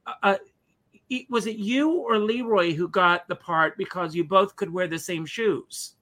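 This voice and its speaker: A man's voice: high-pitched, unhurried, bright, forceful tone. A man hosting a talk show over a video call. He giggles often and keeps the guests in order. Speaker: host.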